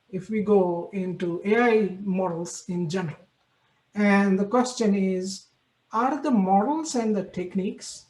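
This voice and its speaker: A woman giving a university talk at a mid pitch, thoughtful and pausing often as she works through her points. The room around her is echoey. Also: mellow. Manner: thoughtful, many ums and pauses. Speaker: lecturer.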